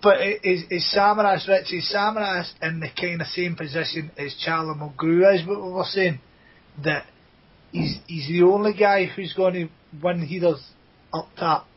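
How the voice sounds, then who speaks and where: Scottish guy hosting a footy podcast, husky, bit higher voice, muffled lo-fi sound. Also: fairly even intonation, normal speed. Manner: chatty, asks co-hosts questions by name. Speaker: podcast host. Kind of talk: casual football chat.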